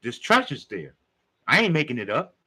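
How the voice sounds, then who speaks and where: A man's voice: mid-range voice, wildly swooping pitch, normal speed, pushed and bright, husky, poor audio. A man giving a casual spiritual talk, using street slang and speaking straight to his listeners. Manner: street slang, conversational, addresses listeners directly. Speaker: spiritual teacher.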